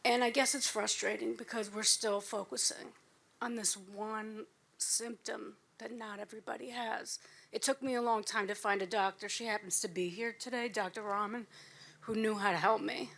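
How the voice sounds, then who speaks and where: A woman from the audience, speaking haltingly and emotionally at a live panel. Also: medium pitch, steady tone, creaky, fairly bright tone. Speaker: audience member.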